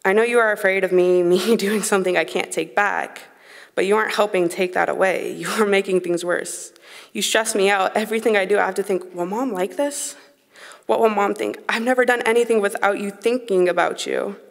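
A woman's voice: mid-range voice, fairly even intonation, brisk, gravelly. A young woman in her late teens performing a spoken word poem on a concert hall stage, with an earnest, emotionally raw delivery. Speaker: high school slam poet. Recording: long reverb of a concert hall.

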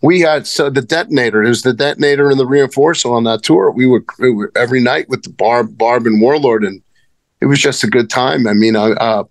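A man's voice: mid-range voice, brisk, no room sound. A man telling rambling, profane stories as a wrestling guest in casual conversation. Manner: rambling, profane, many restarts. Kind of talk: casual storytelling.

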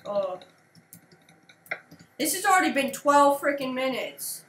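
A woman's voice: sits high, sing-song, takes it slowly, roomy sound, noisy background. Giggly Maryland woman gaming. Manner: giggly, curses casually. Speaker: gamer. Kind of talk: casual gaming chat.

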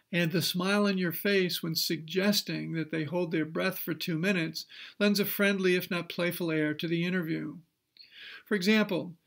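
A man presenting a counseling workshop, teaching in a measured lecture voice with occasional fillers. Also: fairly high pitch, creaky, a bit bright.

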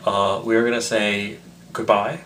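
A man's voice: on the low side, little pitch movement, unhurried, a bit bright, slight background noise. A tipsy man rambling in a casual, self-mocking vlog. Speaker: vlogger.

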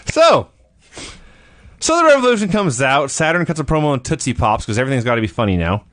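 A man's voice: medium pitch, very animated, quick pace, fairly bright tone. A man co-hosting a casual podcast, retelling events in a storytelling way and laughing often. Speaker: podcast co-host. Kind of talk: casual wrestling recap chat.

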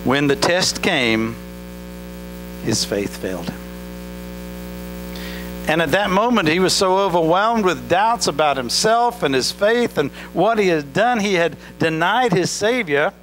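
A pastor with an accent preaching a sermon in church, talking directly to the congregation and asking them questions. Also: male voice, high-pitched, big pitch swings, a little slow. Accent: non-native English accent. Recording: faint mains hum. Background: mains hum.

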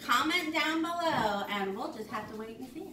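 A woman, a mother hosting a casual family vlog, laughing and giving the kids quick instructions. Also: high voice, lively intonation. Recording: echoey noisy room, mic far off.

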